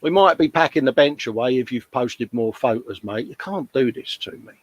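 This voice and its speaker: A man's voice: mid-range voice, expressive, normal speed. A man hosting a live modelling stream, chatting casually and bantering with viewers' comments. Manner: chatty, matey, jokey banter. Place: hobby workshop at a bench.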